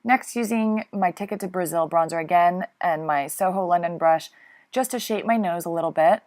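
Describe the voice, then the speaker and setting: A woman's voice: lowish voice, moderate pace, a little mellow. A woman talking through a makeup tutorial in a chatty, flustered way, laughing often and apologizing along the way. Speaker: beauty vlogger.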